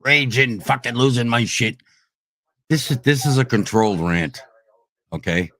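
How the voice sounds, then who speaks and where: This man's voice is mid-range and a bit bright, with lively intonation and an unhurried delivery. Hosting a livestream, he angrily and profanely goes after his critics, repeating himself combatively.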